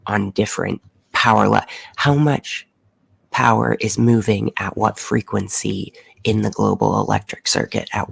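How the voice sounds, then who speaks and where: Gravelly livestream host, rambling explainer. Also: male voice, lowish voice, no room sound. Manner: rambling, full of fillers and restarts. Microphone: close microphone.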